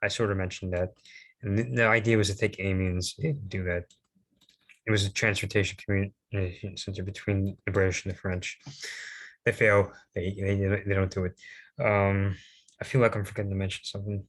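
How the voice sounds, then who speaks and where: A fairly low-voiced young man talks through a history presentation in a loose, informal way. He rambles and hesitates, fills gaps with "um," and restarts his sentences. Now and then he drops a self-deprecating aside. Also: flat delivery, a little fast, a bit bright.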